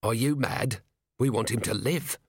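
A man's voice: mid-range voice, a little slow, gravelly, breathy edge, no room sound. A harried watch commander in middle age, brusque and practical, snapping out orders, read by a man. His voice sits near the reader's own, dry and close. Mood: urgent.

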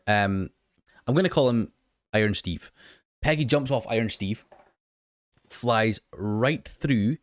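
A man's voice: fairly low pitch, dry recording, studio quality. A man recapping an episode in a casual, enthusiastic way, with laughing asides and frequent ums.

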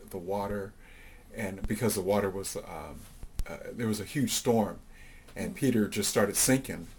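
A man's voice: lowish voice, a little hiss or hum. A middle-aged man telling his life story in an interview, reflective and full of fillers, acting out the voices of people he quotes. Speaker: interview guest.

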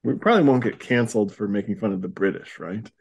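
A man hosting a podcast, recapping a comic in a casual chat, chuckling often and filling pauses with ums. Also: on the low side, a little mellow, husky. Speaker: podcast host.

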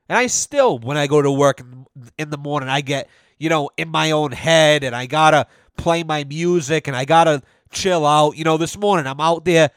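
A young adult man hosting a podcast, ranting in a profane, animated storytelling way. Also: on the high side, no echo, clean studio sound. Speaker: podcast host. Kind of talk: casual ranting monologue.

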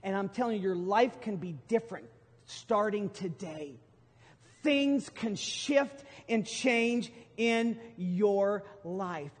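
High-voiced middle-aged preacher in a reverberant hall. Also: male voice, expressive, slow. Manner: emphatic, storytelling preacher with sudden loud bursts. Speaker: pastor. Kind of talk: sermon. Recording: long hall reverb from a sanctuary.

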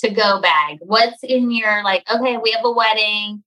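A woman hosts a casual interview podcast, bright and forward in tone. She asks quick, playful questions and slips into joking asides. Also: medium pitch, poor audio. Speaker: podcast host.

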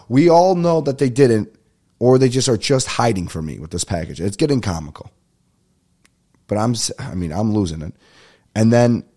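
A young man rants through a comic story on a podcast, swearing freely and slipping into quick impressions of the people he dealt with. His voice sits fairly low and sounds mellow and relaxed rather than sharp. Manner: profane, ranting, acts out phone calls. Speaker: podcast host. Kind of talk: casual comedic storytelling.

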